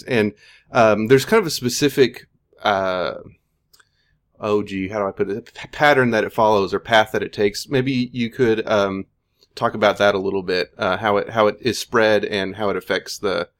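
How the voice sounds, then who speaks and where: A man hosting a podcast, reading formal guest introductions and then asking loose, searching questions. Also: lowish voice. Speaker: podcast host.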